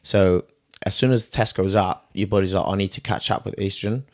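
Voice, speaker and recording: A young man with an Italian accent talks in a somewhat low voice. He is a strength coach chatting on a podcast, blunt and profane, and he mimics the people he quotes. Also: brisk, darkish tone. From Italy. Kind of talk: casual podcast chat.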